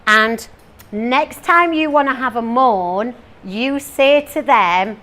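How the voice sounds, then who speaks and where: A woman's voice: a little high, slow pace, pushed and bright. A woman in her forties from northern England delivers a comic motivational talk to a live audience. She keeps it playful and chatty, throwing questions and asides at the crowd. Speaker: motivational speaker.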